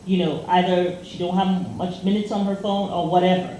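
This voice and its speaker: A woman with a fairly low, dark voice co-hosts a casual chat, spinning a loose story full of fillers. She talks at normal speed with fairly even intonation and few pauses, in an echoey room with faint noise.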